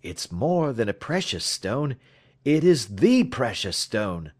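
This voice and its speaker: A man's voice: medium pitch, sing-song, takes it slowly. A man voicing a confident male detective who explains his deductions in a precise, lecturing manner.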